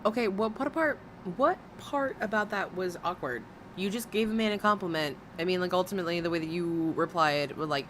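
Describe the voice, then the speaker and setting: A woman's voice: fairly low pitch, fairly quick, a bit bright, a little hiss or hum. A woman commentating on clips in a reaction video, sarcastic and blunt with profane rants.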